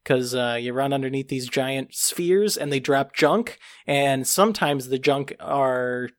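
A man reviewing a video game in a casual podcast chat, animated and emphatic, with a joking tone. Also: mid-range voice, a little slow.

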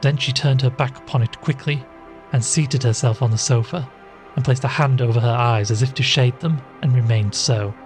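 A man narrating a classic ghost story in a measured storytelling manner. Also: mid-range voice, a little mellow, faint music behind.

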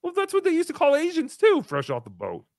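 High, animated comedy podcast host. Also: male voice, quick pace, vocal fry, no room sound, clean studio sound. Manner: goofy, rambling, animated.

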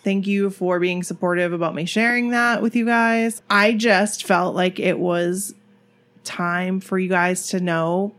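A woman's voice: lowish voice, fairly even intonation, a little slow, fairly bright tone. A woman co-hosting a podcast in casual chat, chatty and self-deprecating, with lots of fillers. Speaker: podcast co-host.

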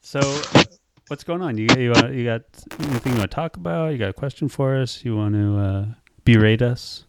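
A man's voice: medium pitch, brisk, heavy background noise. A man hosting a podcast, chatting casually, telling stories and laughing often. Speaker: podcast host. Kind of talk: casual chat.

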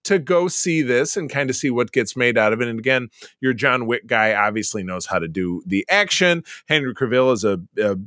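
A man's voice: medium pitch, lively intonation, normal speed, pushed and bright, no echo, clean studio sound. A man co-hosting a podcast, rambling through movie news in casual chat, with frequent fillers and restarts. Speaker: podcast co-host.

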